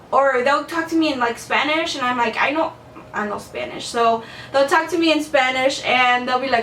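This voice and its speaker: A woman's voice: sits high, normal speed, fairly bright tone, slight background noise. A young woman vlogging to camera, telling a dating story in a blunt, chatty way, swearing freely and filling with "like". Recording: echoey room, a bit far from the mic.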